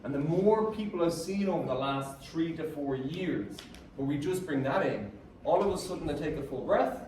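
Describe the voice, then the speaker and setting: A man with a fairly high voice gives an animated talk, joking and urging his listeners to take part. He is caught on a phone from far back in an echoey hall. Faint room noise sits underneath. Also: normal speed. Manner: animated, joking, coaxes the audience to join in. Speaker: guest speaker. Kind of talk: live motivational talk to an audience. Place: event hall with an audience. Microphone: phone camera from the audience.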